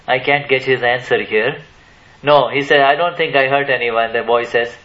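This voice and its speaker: A man's voice: medium pitch, steady tone, unhurried, pauses often, fairly bright tone, dull audio. A man teaching at a spiritual question-and-answer session, hesitant, with many restarts and questions put to the audience. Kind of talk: spiritual Q&A talk to a live audience.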